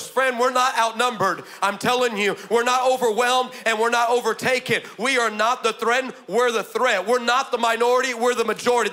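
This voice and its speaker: A male pastor preaching a sermon, energetic and humorous, telling stories and building to shouts. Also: very high-pitched, slight background noise. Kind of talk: sermon with storytelling.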